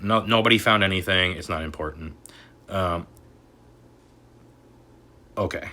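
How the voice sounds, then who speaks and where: A man ranting angrily on his vlog, cursing constantly and swinging between shouted outbursts and low, grumbling asides. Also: a little slow, pauses often. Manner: angry and swearing, swings from shouting to muttering. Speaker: crypto and collectibles YouTuber.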